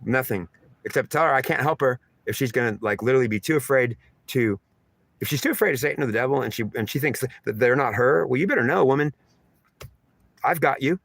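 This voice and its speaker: A man's voice: mid-range voice, fast, creaky, fairly bright tone, no room sound. Man in a dry, rambling spiritual monologue. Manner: repetitive, emphatic, stream of consciousness. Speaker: channeler giving spiritual messages.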